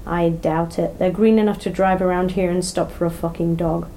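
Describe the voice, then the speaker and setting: A woman's voice: fairly low pitch, fairly even intonation, normal speed, mellow, slight background noise, lightly acted. A woman voicing a hot-tempered adult male criminal who snaps and swears in a storybook reading. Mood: wary. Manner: swearing, snapping and demanding.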